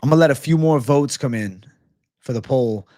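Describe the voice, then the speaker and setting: A man's voice: medium pitch, moderate pace, mellow, no echo, studio quality. Laid-back slangy man hosting a livestream. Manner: talks straight to the live chat. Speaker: sports betting show host. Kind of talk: casual livestream chat.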